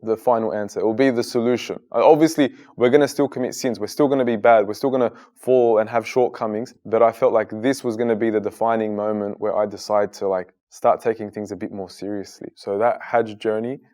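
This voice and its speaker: A man's voice: fairly low pitch, fairly quick, hardly any pauses. Earnest man telling his story. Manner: earnest, animated when retelling dialogue. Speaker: guest, Muslim content creator. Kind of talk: reflective interview storytelling.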